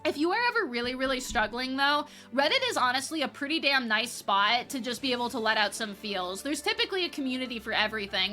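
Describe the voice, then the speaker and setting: A young woman streamer with a high, bright voice talks loosely with her chat and curses freely. Faint music plays behind her. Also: expressive, fast talker, hardly any pauses. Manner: chatty, swears casually, reads chat aloud. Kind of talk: casual live-stream chat with viewers.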